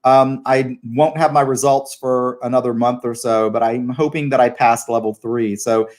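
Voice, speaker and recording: A middle-aged man hosting a casual video call interview, chatty and relaxed with plenty of fillers. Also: mid-range voice, normal speed. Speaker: host.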